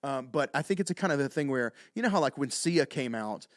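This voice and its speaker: A man's voice: mid-range voice, animated, quick pace, fairly bright tone, no echo, clean studio sound. A man co-hosting a music podcast in casual chat, rambling and hesitant, with many fillers. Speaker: podcast co-host.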